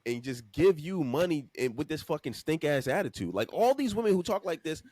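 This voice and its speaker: Animated slangy man on a podcast. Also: fairly high pitch, fairly quick, dry recording, studio quality. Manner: animated slangy talk, acts out hypotheticals. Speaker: podcast co-host. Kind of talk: casual podcast debate.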